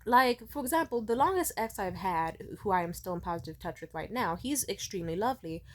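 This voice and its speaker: Profane, animated young woman telling stories. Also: mid-range voice, fairly quick. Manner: profane, animated, acts out quoted people. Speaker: vlogger. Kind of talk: casual storytelling.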